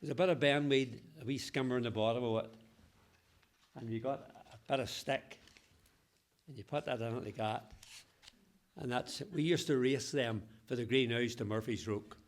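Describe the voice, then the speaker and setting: A man's voice: medium pitch, moderate pace, long pauses. A man in his eighties from Ballywalter with a Northern Irish accent, telling local stories from his childhood with frequent chuckles and broad local dialect. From Ballywalter, Northern Ireland. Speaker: local historian interviewee. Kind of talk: reminiscing storytelling.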